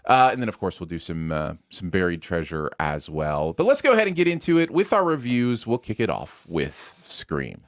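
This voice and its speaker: A man's voice: sits low, sing-song, moderate pace, hardly any pauses, dry recording, clean studio sound. A man hosting a casual podcast, joking and laughing often, with lots of "uh" fillers. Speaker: podcast host.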